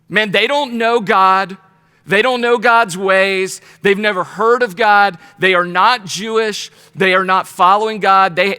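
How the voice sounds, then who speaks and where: A man leads a Bible study in a casual, storytelling sermon, full of lively asides and playful voices. His voice sits high and bright. Long reverb from the hall trails behind each phrase. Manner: animated storyteller, slips into playful paraphrased voices.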